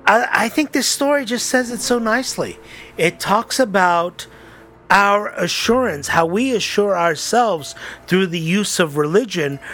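A man's voice: sits high, a bit bright. A man, a priest giving a conversational sermon and reading a story aloud to his congregation.

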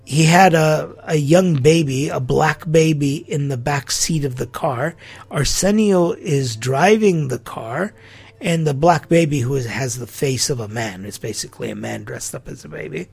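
A man's voice: a little high, vocal fry, husky. A middle-aged man hosting a podcast, talking through an opinion monologue in an incredulous, rhetorical way. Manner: incredulous, rhetorical, acts out quotes. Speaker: podcast host.

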